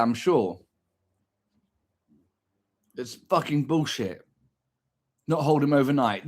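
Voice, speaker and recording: A vlogger with a slightly high, slightly rough voice talks casually, ranting and reviewing food. He is crude and exaggerated and swears constantly.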